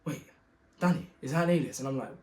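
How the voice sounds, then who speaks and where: A young man telling a story in a slangy, animated way, acting out the other people's voices. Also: quick pace. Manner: slangy, acts out voices, gets loud and high when excited. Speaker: guest telling his story. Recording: echoey room.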